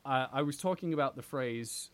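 A man's voice: medium pitch, normal speed. A man co-hosting a podcast in casual chat, rambling through anecdotes with dry asides. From abroad, came to the UK at sixteen. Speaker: podcast co-host.

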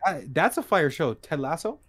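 A man's voice: fairly high pitch, sing-song, normal speed, a bit bright, dry recording. A young man co-hosting a podcast, rambling in loose slangy casual chat. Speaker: podcast co-host.

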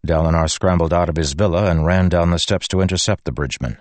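A man reading a fantasy novel aloud in a measured, steady narration. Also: low voice, dry recording. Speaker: audiobook narrator.

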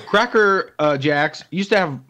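A man's voice: on the high side, expressive, a little slow, pushed and bright. A man co-hosting a podcast, chatting casually and jokily. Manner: playful, jokey. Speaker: podcast co-host. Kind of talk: casual comedic chat.

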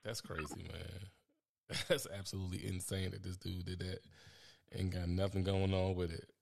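A lower-pitched man chatting on a podcast. He tells stories in a loose, slangy, laid-back way. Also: level tone, normal speed, vocal fry, darkish tone. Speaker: podcast co-host. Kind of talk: casual chat.

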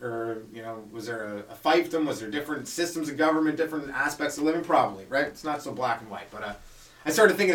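A man's voice: on the high side, lively intonation, fairly quick, a bit bright, echoey room, far from the mic. A man doing a loose, profane comedy podcast monologue, full of rhetorical questions. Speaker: stand-up comedian podcast host.

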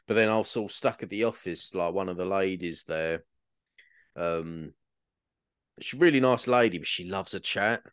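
Laid-back man, low voice. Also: normal speed, fairly bright tone, clean tone, no echo, studio quality. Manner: laid-back, sweary, quotes people in little voices. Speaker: podcast co-host. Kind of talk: casual chat.

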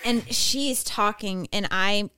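A woman's voice: medium pitch, slow, sharp tone, clean tone, no echo. A tired woman from Texas, telling stories in a chatty, giggly way as a podcast co-host. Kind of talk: casual chat.

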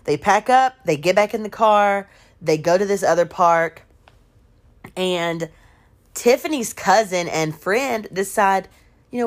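A woman telling a gossipy story in casual storytime style, animated and laughing along. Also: medium pitch, a little slow.

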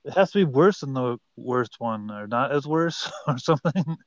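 A man with an average-pitched voice jokes drily on a casual podcast, often restarting his phrases. His audio is muffled and lo-fi, with no echo. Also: animated. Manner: dry jokes, halting phrasing. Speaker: podcast co-host. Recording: dull, lo-fi.

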